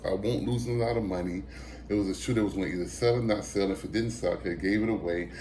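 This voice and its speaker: Lowish-voiced man telling a casual story. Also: vocal fry, a little hiss or hum. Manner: animated storyteller, acts out quoted voices, many fillers and restarts. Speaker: thrift reseller and vlogger.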